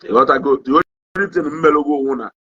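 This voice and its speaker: A young man with a Nigerian Igbo accent, talking to a livestream audience in a casual monologue. He switches between languages, keeps asking "you understand?", and his pitch swings a lot as he talks. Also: fast, bright, forceful tone, husky. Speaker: online commentator. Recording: dull lo-fi sound.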